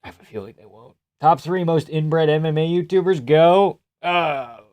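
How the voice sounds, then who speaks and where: A man's voice: a little high, normal speed, a little mellow, dry recording. A young man hosting a live stream, chatting casually, joking around and reacting to viewer chat. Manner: rambling, jokey, reads chat aloud.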